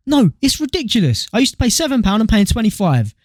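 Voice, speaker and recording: A young man with a British accent co-hosting a podcast and telling stories in lively casual chat, swearing freely. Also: high-pitched, fast, no echo, studio quality. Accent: British English. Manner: animated storyteller, swears freely. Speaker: podcast co-host.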